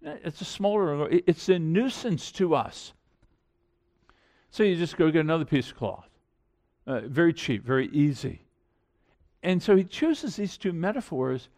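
Animated man preaching a sermon. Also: on the high side, unhurried, long pauses. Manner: earnest, conversational preaching with rising emphasis. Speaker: pastor.

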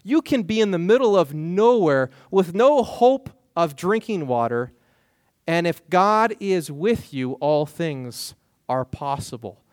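A man preaching a sermon as pastor, lively and acting out the questions of biblical figures in his own voice. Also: fairly high pitch, takes it slowly, no echo, studio quality.

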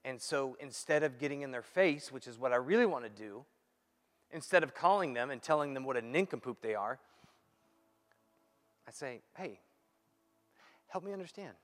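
A pastor preaching a sermon, acting out quoted dialogue and swinging between loud and hushed delivery. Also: male voice, medium pitch, normal speed, long pauses, faint music behind. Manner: animated, acts out quoted dialogue. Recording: long hall reverb.

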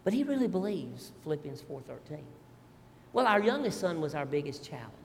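A middle-aged male pastor, telling family stories in an animated, folksy sermon with asides to the congregation. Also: on the high side, brisk, creaky, long reverb tail, slight background noise. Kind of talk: storytelling sermon.

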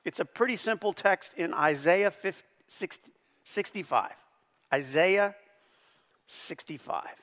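A middle-aged man preaches with a high, bright, forceful voice. He is animated and jumps louder and higher on the words he stresses. His voice rings out with a long reverb, as in a large church sanctuary. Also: slow pace. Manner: animated, bursts loud and high on emphasized phrases. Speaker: pastor. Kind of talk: sermon.

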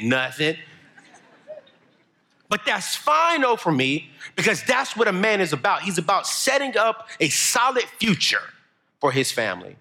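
Energetic young man preaching. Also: high-pitched, a little slow. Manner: storytelling, building to shouted emphasis. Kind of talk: motivational sermon.

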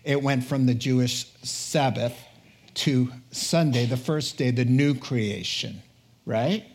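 A man preaching, retelling scripture stories in a casual, animated way with quick asides to the listeners. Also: mid-range voice, vocal fry, a little hiss or hum. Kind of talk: sermon storytelling.

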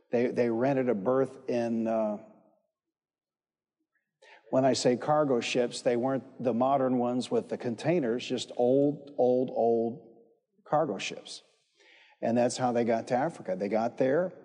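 A man's voice: mid-range voice, mellow. A man preaching a sermon, emphatic, repeating phrases and calling on the congregation to respond. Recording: echoey hall with long reverb.

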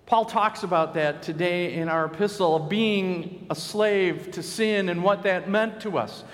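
A man delivers a sermon in an earnest, measured manner, now and then slipping into quoted voices. His voice sits notably high for a man. The sound carries a long reverb, like a church hall. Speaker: pastor. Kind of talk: sermon with storytelling.

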